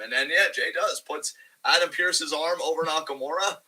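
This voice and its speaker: A man co-hosting a casual wrestling review podcast, talking in an animated, profane and rambling way. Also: fairly high pitch, moderate pace, hardly any pauses, poor audio. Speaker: podcast co-host.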